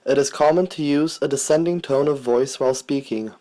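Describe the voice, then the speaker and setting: A man narrating an educational piece in a measured, explanatory reading style. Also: a little high, warm tone, low-quality recording.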